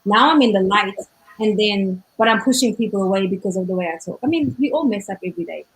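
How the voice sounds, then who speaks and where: A woman co-hosting a casual talk show over a video call, speaking English with an accent, talking fast and rolling her R's when excited. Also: mid-range voice, low-quality recording. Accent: non-native English accent. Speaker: co-host. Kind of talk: casual chat.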